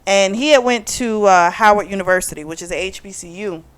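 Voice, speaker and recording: A woman's voice: medium pitch, a little fast, clean tone. A woman hosting a book club channel, giving a chatty, opinionated review full of fillers.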